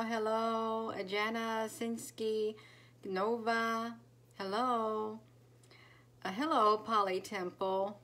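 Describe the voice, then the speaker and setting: An American woman with a mid-range, slightly bright voice hosts a casual live stream on her phone mic, greeting viewers one by one by name and using lots of filler words.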